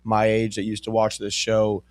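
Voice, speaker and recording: A man's voice: fairly low pitch, completely flat delivery, moderate pace. A young man in his twenties co-hosting a radio show, rambling and dismissive. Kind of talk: casual sports radio chat.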